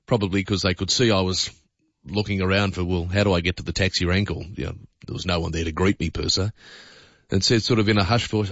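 An Australian man hosts talkback radio in a rambling, opinionated chat full of fillers. His voice sits on the low side and sounds dry and close. The broadcast audio is dull and lo-fi. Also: fairly even intonation, fast talker, fairly bright tone, dry recording.

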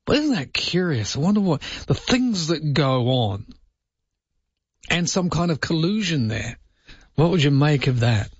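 A man's voice: fairly high pitch, big pitch swings, a little slow, husky, no room sound. A man hosting overnight talk radio, joking and sounding incredulous as he goes through the news. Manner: jokey, mock-incredulous, puts on comic accents. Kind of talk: casual talk radio banter. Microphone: studio microphone, dry. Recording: muffled broadcast audio.

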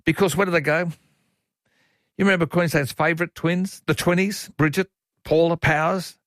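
A man's voice: a little high, steady tone, moderate pace, fairly bright tone, no room sound. Male Australian radio host, teasing and jokey, dry close studio sound. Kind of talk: casual radio chat.

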